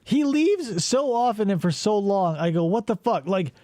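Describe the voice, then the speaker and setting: A man's voice: sits high, big pitch swings, moderate pace, mellow, dry recording, studio quality. A young man co-hosting a casual talk show, rambling and profane as he reacts to interrogation footage. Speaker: podcast co-host.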